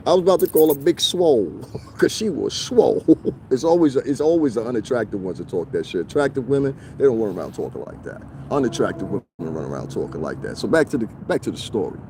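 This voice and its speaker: A man talks to his livestream viewers from beside a street, mocking and confrontational, laughing often. His pitch swings widely as he rants, with a faint outdoor hum behind him. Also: sing-song, a little fast, dark tone. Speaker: livestreaming vlogger. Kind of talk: casual livestream rant to viewers.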